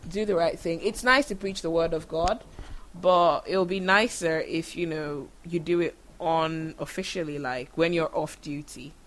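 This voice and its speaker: A woman from Nigeria with a Nigerian accent, hosting a show and telling stories in a chatty, animated way full of fillers. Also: low-pitched, unhurried. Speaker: podcast host. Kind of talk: casual storytelling monologue.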